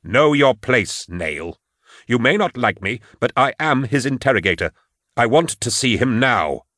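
A man's voice: lowish voice, lively intonation, normal speed, dry recording, studio quality. A man voicing a fussy, edgy young male interrogator who talks in a prim, jumpy, overly polite way in an audiobook.

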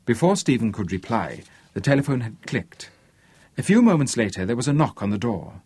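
A man narrating an audiobook in a lively, expressive reading. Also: mid-range voice, brisk, husky, dry recording. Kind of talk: scripted narration.

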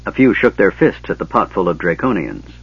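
Low, husky-voiced man narrating. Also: brisk, muffled recording. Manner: steady storytelling. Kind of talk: scripted narration.

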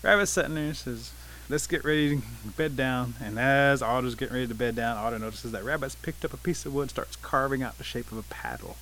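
A man telling an animal folk tale in English, setting each scene in a relaxed, vivid way. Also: mid-range voice, fast talker, few pauses, a little hiss or hum, poor audio. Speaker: storyteller.

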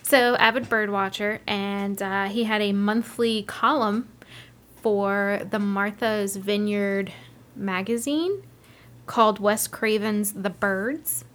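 A woman's voice: mid-range voice, steady tone, takes it slowly, a bit bright. Chatty, amused female podcast co-host. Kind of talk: casual podcast chat.

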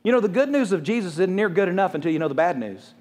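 Male pastor, quick-fire conversational sermon, high, bright voice, jokey asides. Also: big pitch swings. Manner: fast, conversational preaching with quick jokes and acted-out quotes.

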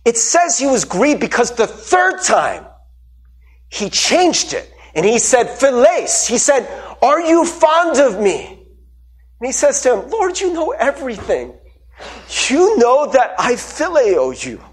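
Male pastor, high husky voice, lively preaching with acted-out quotes. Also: slow pace. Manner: animated storytelling, acts out quotes with shifting pitch. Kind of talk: sermon.

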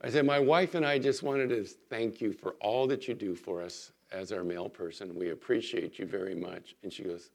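A man's voice: lowish voice, moderate pace, gravelly, hardly any pauses. A man preaching in a chatty storytelling way. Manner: conversational storytelling, lively emphasis. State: recovering from illness. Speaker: pastor. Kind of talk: sermon. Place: church.

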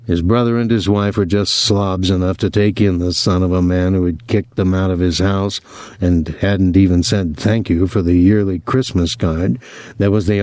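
Man reading a novel aloud, steady pace, lowish voice, dry close mic. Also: no room sound. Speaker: audiobook narrator. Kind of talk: scripted narration.

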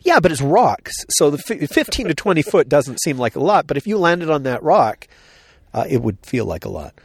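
A podcast co-host talking casually outdoors, rambling with frequent restarts. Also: male voice, a little high, sing-song, normal speed, slightly rough, no room sound, studio quality. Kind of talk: casual chat. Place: outdoors on a hill.

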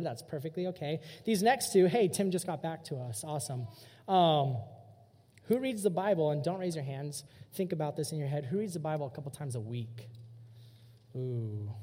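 A young man preaches to a youth group in a casual, animated storytelling manner. His voice sits high and has a mellow, relaxed tone. It rings with the long reverb of a hall. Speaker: youth pastor. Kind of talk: youth sermon.

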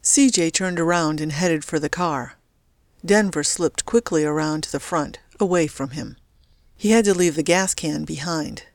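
Low-voiced woman reading a story. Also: normal speed, dry recording, studio quality. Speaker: narrator. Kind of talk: audiobook narration.

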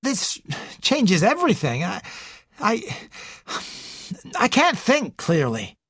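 Brief: reader doing a rattled young man, pitched up high, halting and pleading. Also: huge pitch swings, a bit bright, breathy edge, no echo, clean studio sound, exaggerated voice. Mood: shocked. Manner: stammering, pleading. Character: young man, tense and shaken. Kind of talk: audiobook character reading.

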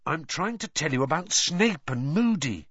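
A cross teenage schoolboy who keeps his voice low and urgent, as a male reader puts him on. The voice is a little husky and dry, with lively swings in pitch. It sits on a dull, lo-fi recording. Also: moderate pace, dry recording, full character voice. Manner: hushed, cross. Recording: dull lo-fi audio.

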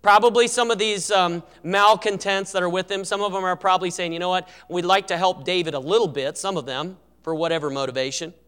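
Male pastor, fairly high clear voice, earnest sermon delivery, long church reverb. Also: steady tone, brisk, hardly any pauses, fairly bright tone. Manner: earnest, rises and drops in volume for emphasis. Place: church sanctuary.

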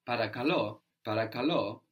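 A man's voice: mid-range voice, normal speed. Patient man teaching a language. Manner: patient, prompting the learner with questions, ends many lines with "no?". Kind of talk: Greek language lesson.

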